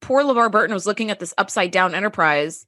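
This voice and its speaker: Fast and expressive, a woman with a mid-range, pushed, bright voice co-hosts a podcast recap. She keeps it casual and lively, acting out lines and laughing frequently, on a dry, clean studio recording.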